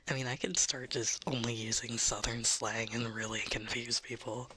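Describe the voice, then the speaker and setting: A woman streamer rambling through soft ASMR chat, giggling often and speaking close to a sensitive microphone. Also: a bass voice, little pitch movement, a little fast, few pauses, a little hiss or hum.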